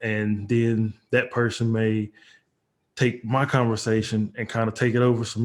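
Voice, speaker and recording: Co-hosting a casual chat, this man speaks in an earnest, measured way. His pitch stays flat and level, with very little rise and fall.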